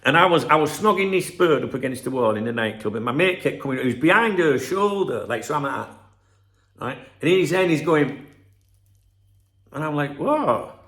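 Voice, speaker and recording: In a casual vlog monologue laced with profanity, a middle-aged man rambles along, telling stories and drifting into asides. He's a football channel host from Scarborough, England, with a slightly bright, high-leaning voice, lively intonation and a slightly quick pace.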